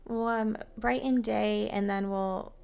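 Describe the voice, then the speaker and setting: A woman's voice: medium pitch, fairly even intonation, takes it slowly, creaky, a little mellow, clean tone. A young woman giving casual, chatty commentary on a life-sim game, narrating each move and laughing often. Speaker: gaming channel host.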